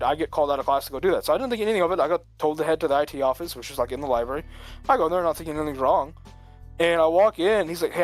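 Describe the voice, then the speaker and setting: A man telling a long story in casual chat, rambling with lots of filler words and frequent chuckles. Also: a little high. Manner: rambling, full of "like", chuckles often.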